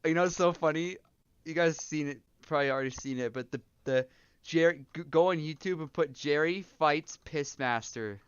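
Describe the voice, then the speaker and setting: A man's voice: fairly high pitch, a little fast, clear, resonant tone, no room sound, highs cut off. A young man from Canada chatting casually on a game livestream, joking and swearing with frequent laughs. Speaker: streamer.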